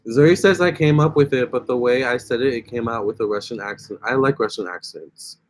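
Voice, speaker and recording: A man's voice: medium pitch, brisk, a little hiss or hum. A young man hosting a casual phone livestream, chatting with viewers and reading their comments aloud. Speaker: livestream host.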